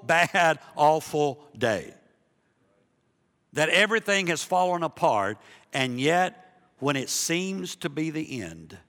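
A forceful, bright-voiced man preaching with fervor, his pitch sitting a little high. He swings from hushed lines to loud, driving ones and doubles back on his words. A long reverb from a big church hall trails every phrase. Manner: impassioned, swings between hushed and loud, repeats himself. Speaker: pastor. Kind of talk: sermon.

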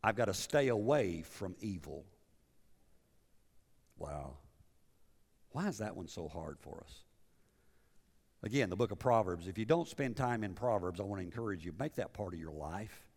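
A man's voice: sits low, animated, normal speed, pauses often, darkish tone. A middle-aged man preaching a sermon in a conversational way, asking his listeners questions and often restarting his words. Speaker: pastor. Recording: reverberant hall.

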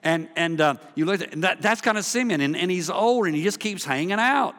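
Bright-voiced preacher in an echoing hall. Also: male voice, high-pitched, a little fast. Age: middle-aged. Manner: animated, acts out quoted voices, rising to loud emphasis. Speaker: pastor. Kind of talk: sermon. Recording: long reverb of a large hall.

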